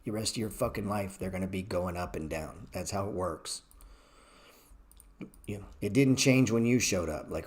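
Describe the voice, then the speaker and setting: A man's voice: sits low, normal speed. Profane, blunt man teaching trading live. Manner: profane, blunt, ranting asides to chat. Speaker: trading educator. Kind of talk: live-streamed market class.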